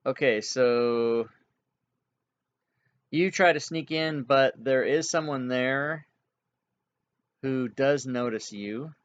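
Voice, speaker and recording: Man running a tabletop game, halting, muffled lo-fi audio, mid pitch. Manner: halting, filler-heavy, chuckles at players. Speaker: game master.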